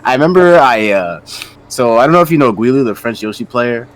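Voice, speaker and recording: A man from Maryland hosting his stream, telling stories in a relaxed, animated way. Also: medium pitch, brisk. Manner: animated storyteller, laughs loudly. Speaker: streamer host. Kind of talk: casual chat.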